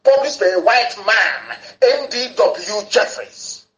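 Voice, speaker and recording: A man's voice: sits high, big pitch swings, takes it slowly, fairly bright tone, echoey room, slight background noise, poor audio. A man broadcasting an impassioned political talk on the radio, fervent, and he spells words out letter by letter.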